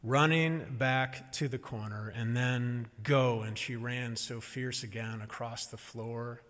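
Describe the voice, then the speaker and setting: Middle-aged man telling a story in a hall. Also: medium pitch. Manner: animated, acts out quoted voices, pauses for effect. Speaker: speaker telling a family story to an audience. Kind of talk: storytelling talk on stage.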